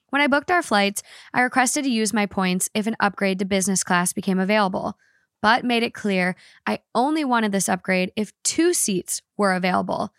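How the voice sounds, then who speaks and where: A woman's voice: mid-range voice, dry recording, studio quality. A woman co-hosting a podcast, reading a listener's story aloud with expression and then chatting casually about it.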